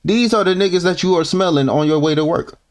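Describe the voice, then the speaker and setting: A man's voice: high-pitched, fast. A man hosting a reaction video, talking bluntly and casually, swearing and restarting his sentences as he riffs on clips.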